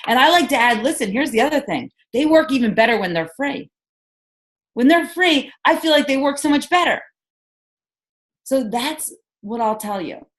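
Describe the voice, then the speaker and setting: Over a conference call, a woman leading a sales team coaches with energy and enthusiasm, firing off rhetorical questions. Her voice sits high and animated at a normal speed.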